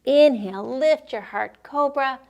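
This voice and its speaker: Young woman teaching kids yoga, kinda high voice, slow and gentle, playful. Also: gravelly, lo-fi sound. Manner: gentle, playful, calls out animal sounds. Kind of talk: guided kids' yoga instruction.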